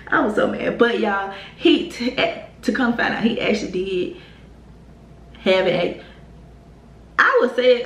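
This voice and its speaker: Animated young woman telling a story. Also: medium pitch. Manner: animated, heated retelling with profanity and laughs. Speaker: YouTube storyteller. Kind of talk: casual storytime vlog. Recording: echoey room with faint noise.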